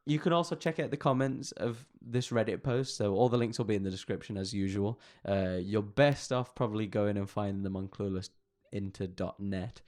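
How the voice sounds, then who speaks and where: This man co-hosts a comedy podcast, reading internet stories aloud, joking around and swearing heavily in casual banter. His voice is fairly low and darkish, and he talks a little fast with few pauses.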